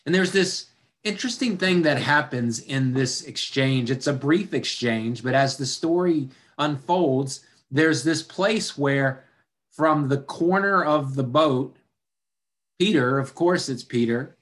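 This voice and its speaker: A man's voice: mid-range voice, a little slow, a bit bright. A male pastor preaching a sermon in a conversational way, acting out quoted voices with dry humor.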